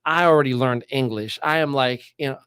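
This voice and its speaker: Animated man telling stories. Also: medium pitch, brisk, clean tone, dry recording, clean studio sound. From Morocco. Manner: animated, acts out quoted voices. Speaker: guest. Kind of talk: casual storytelling.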